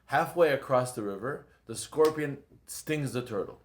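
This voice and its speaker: A man's voice: medium pitch, normal speed. A man in the class, a student, chiming in casually to tell a short story from memory. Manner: chatty storyteller, interjecting. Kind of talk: casual chat.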